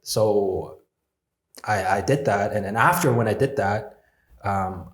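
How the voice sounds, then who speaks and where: Candid low-voiced man in a roomy space. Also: slow. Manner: reflective and candid, swearing freely, acting out his own inner voices. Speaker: podcast guest. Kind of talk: candid conversational storytelling. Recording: roomy echo.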